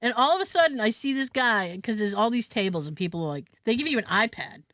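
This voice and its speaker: Speaking quickly with no room sound, this podcast co-host recounts a story in relaxed conversation. She voices the quotes with dramatic jumps in pitch, stays lively and laughs a lot.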